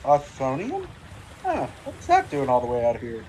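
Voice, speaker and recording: A man playing a tabletop game in an excitable, chatty way. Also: mid-range voice, moderate pace, a little hiss or hum, low-quality recording. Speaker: player. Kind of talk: casual tabletop game play.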